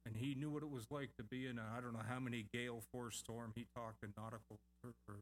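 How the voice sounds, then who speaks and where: A middle-aged male pastor preaching a sermon, emphatic and repeating key phrases, with lively asides to the congregation. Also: medium pitch.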